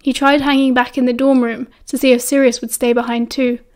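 British woman audiobook reader, high voice, even storytelling delivery. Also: fairly quick. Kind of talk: audiobook narration.

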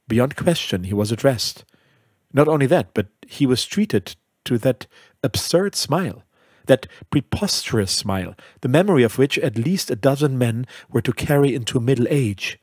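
Husky man narrating a short story. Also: mid-range voice, animated, normal speed, a little mellow, no echo, studio quality. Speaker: audiobook narrator. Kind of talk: scripted literary narration.

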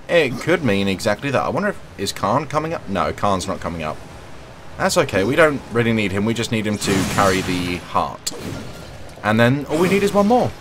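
Background noise accompanies a young man with a lower voice as he gives chatty, jokey commentary on a game, humming along and addressing the characters on screen.

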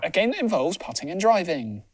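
A player in a livestreamed party game, teasing the others and reading out cards and chat. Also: male voice, high voice, sing-song, slight background noise. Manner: quick, teasing, reads chat and cards aloud.

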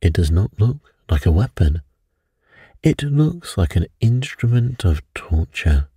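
A man's voice: very animated, takes it slowly, mellow, slightly rough, no room sound, studio quality, heavily acted. A man doing a dreamy, brooding old priest. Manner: low, dreamy, ominous. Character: mystical, brooding elderly male priest. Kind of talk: storybook reading.

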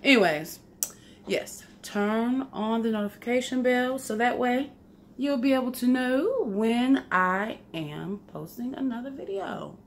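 A woman's voice: on the high side, takes it slowly, a little hiss or hum. A woman, chatting playfully through a home cooking vlog and laughing at herself. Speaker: vlogger. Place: home kitchen.

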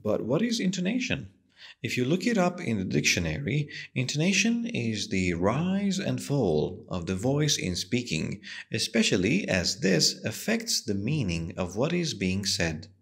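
A man teaching an English lesson, explaining patiently and slowly with a strongly rising and falling voice. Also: medium pitch, big pitch swings, vocal fry.

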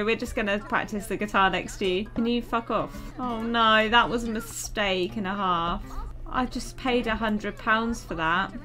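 Bright chatty woman gaming. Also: mid-range voice. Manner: chatty, self-mocking, swears when annoyed. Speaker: streamer playing a life-sim game. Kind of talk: casual gameplay commentary.

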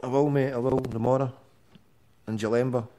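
A man's voice: mid-range voice, fairly even intonation, a little fast, crowd noise. A man hosting an internet radio show, teasing his callers and swearing freely in casual banter. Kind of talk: casual call-in chat.

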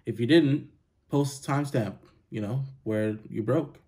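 A man's voice: medium pitch, unhurried, darkish tone. A male reaction video host, laid-back and boastful, talking casually to viewers. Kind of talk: casual chat.

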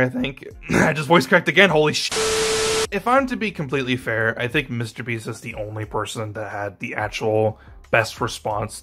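A man's voice: mid-range voice, a bit bright. A young man giving a frustrated, profane, rambling commentary rant as a YouTube commentator. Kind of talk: ranting commentary.

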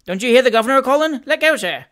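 A reader voicing a cheerful, quick young manservant in an audiobook, brisk and cheeky. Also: high-pitched, lively intonation, fairly bright tone, pitched above the performer's own voice. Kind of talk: audiobook character reading.

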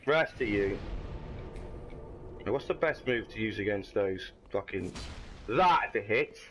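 Male gamer, lively pitch swings, sweary frustrated commentary, faint background hiss. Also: measured pace. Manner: sweary, frustrated outbursts at the game. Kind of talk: let's play commentary.

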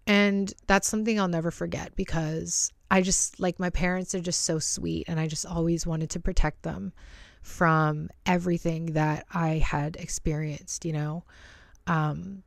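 A woman's voice: fairly low pitch, fairly even intonation, measured pace, creaky, dry recording, clean studio sound. A young woman hosting a podcast, telling a personal story candidly and emotionally, swearing freely. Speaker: podcast host.

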